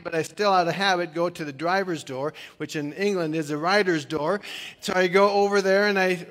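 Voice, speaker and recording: Older pastor telling stories in a sermon, kinda high voice, lots of uh's, echoey church hall. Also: male voice, fairly bright tone. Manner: chatty storytelling with self-deprecating humor and many fillers. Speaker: retired pastor. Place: church sanctuary. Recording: long reverb of a church hall.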